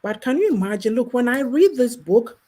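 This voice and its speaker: A woman's voice: on the high side, expressive, a little fast, warm tone. A woman from Ghana speaking in casual conversation, outspoken and impassioned. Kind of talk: casual chat.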